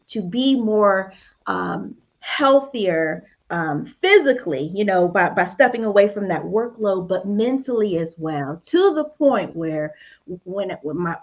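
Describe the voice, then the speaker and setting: A woman's voice: mid-range voice, muffled recording. A woman speaking as a guest author, telling a candid personal story of faith and work and laughing often as she goes. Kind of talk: personal testimony at a book event.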